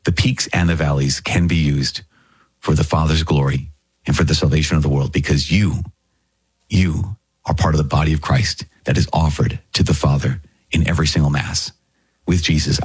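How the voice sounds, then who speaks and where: A middle-aged man, a priest, giving a conversational podcast homily with lively, energetic delivery, now and then jumping into pitched-up quoted voices. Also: moderate pace, slightly rough.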